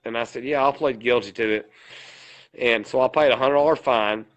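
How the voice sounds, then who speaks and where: A man's voice: medium pitch, moderate pace, highs cut off. A man, co-hosting a podcast, who tells a long story in a rambling way and quotes every line with "he said, I said.". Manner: rambling retelling with many "he said, I said" quotes. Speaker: podcast co-host. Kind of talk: casual storytelling.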